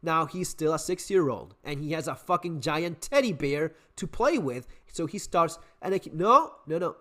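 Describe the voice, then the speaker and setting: A middle-aged man recounts a story in a relaxed, swearing monologue. His voice rides fairly high and swings widely in pitch as he stumbles through restarts and repeated words. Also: normal speed. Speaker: survival channel host.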